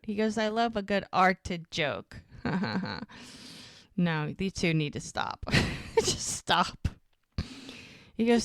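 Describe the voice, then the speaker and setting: A woman's voice: on the low side, big pitch swings, a little slow, no room sound, clean studio sound. A woman co-hosting a podcast, casually recapping an episode and acting out the characters' lines. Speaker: podcast co-host.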